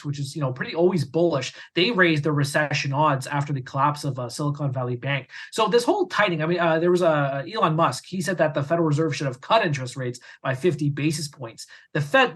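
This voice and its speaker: A man's voice: fairly high pitch, a bit bright. A man talking through economic news in a panel discussion, packing in detail as he explains. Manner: rapid, detail-packed explaining. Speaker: economics commentator.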